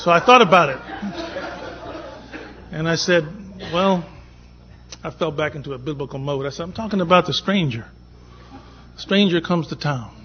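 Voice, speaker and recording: A man's voice: fairly high pitch, normal speed, long pauses, slight background noise. A man on a conference panel telling a personal anecdote, acting out the dialogue as he goes. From from Boston. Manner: anecdotal, acts out dialogue in quotes. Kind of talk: storytelling panel talk. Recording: dull lo-fi conference recording.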